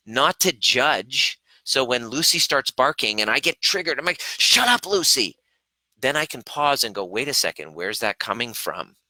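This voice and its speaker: A man's voice: mid-range voice, pushed and bright, no room sound, rough recording. A middle-aged man coaching viewers in a live question-and-answer stream, earnest and reflective, acting out his own reactions as he talks.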